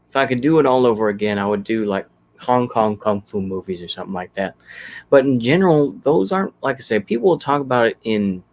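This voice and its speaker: A man's voice: mid-range voice, darkish tone. A man chatting casually on his livestream, rambling easygoing and thinking aloud with lots of fillers as he reacts to comments. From Texas. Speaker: channel host.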